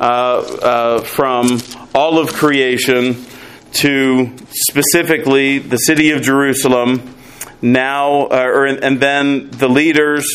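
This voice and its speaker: A man teaching through a Bible passage, pausing often with fillers and reading scripture aloud. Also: mid-range voice, slight background noise, poor audio. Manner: measured, frequent "uh" fillers, reads scripture aloud. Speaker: pastor teaching a Bible study.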